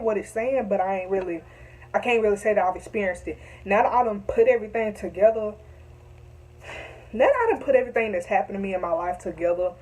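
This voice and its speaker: A woman's voice: medium pitch, darkish tone, a little hiss or hum, poor audio. A young woman telling a story to camera, emphatic and repetitive, heated at times. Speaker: vlogger.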